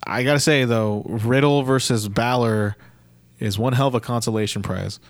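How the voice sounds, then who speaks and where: A man co-hosting a podcast, chiming in about wrestling with quick excited asides. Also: medium pitch, no room sound. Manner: excitable, bursts in with thoughts. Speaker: podcast co-host. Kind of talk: casual wrestling talk.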